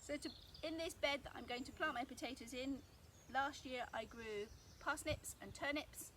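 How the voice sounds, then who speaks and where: Woman from the UK, high voice, chatty garden how-to vlog, recorded outside with birdsong and clicks. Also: moderate pace, sharp tone. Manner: chatty and explanatory. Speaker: gardening vlogger. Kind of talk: casual outdoor how-to vlog. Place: outdoor garden bed. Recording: outdoor noise, birds and clicks.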